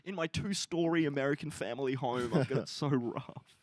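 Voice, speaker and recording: A man's voice: medium pitch, a little fast, a little mellow, dry recording. A young man co-hosting a podcast, casually retelling a film plot, swearing freely and acting out the characters' lines. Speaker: podcast co-host.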